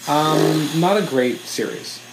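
A man's voice: a little high, slow pace, vocal fry, slight background noise. A man co-hosting a casual chat, rambling and correcting himself with enthusiasm. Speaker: podcast co-host. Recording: roomy echo with faint ambience.

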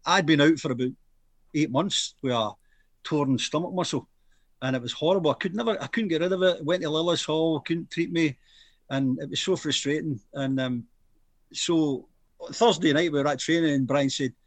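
Scottish ex-footballer, lively storyteller. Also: male voice, on the high side, brisk, no echo. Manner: animated, laughing storyteller acting out quotes. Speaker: former footballer guest. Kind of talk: casual storytelling chat.

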